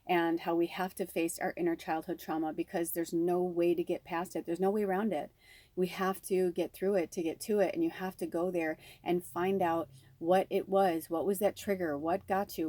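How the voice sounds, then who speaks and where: A woman's voice: lowish voice, warm tone, no room sound. A woman speaking as a spiritual medium, giving a casual, rambling reading full of "like" and "you know".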